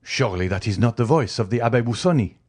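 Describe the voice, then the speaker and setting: A man voicing a frantic, grief-stricken older magistrate who cries out in high, strained bursts. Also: lively intonation, fast, darkish tone, natural voice.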